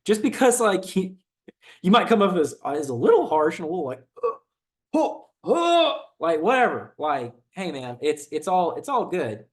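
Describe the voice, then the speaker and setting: A man's voice: fairly high pitch, expressive, moderate pace. Laid-back Southern man rambling casually. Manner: rambling, laid-back, many fillers and restarts. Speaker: channel host. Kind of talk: casual reaction video, reading comments.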